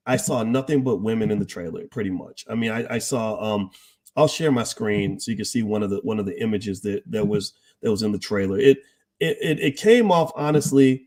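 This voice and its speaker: A man's voice: lowish voice, expressive, a little fast, darkish tone. A man hosting a live stream, talking emphatically to his chat audience and firing off rhetorical questions.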